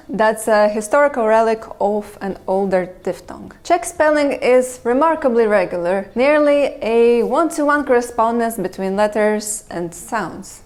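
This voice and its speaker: A woman, a language channel host, giving measured, scripted explanations with touches of dry humor. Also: on the high side, a little mellow. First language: Russian. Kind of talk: scripted educational narration.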